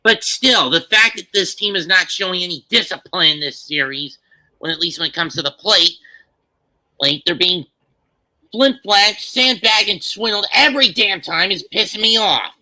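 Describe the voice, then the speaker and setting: A regular guest on a sports talk show, a man complaining colorfully about his struggling team. His voice is sharp and very bright, and sits a little high. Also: normal speed, low-quality recording. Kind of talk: casual sports chat.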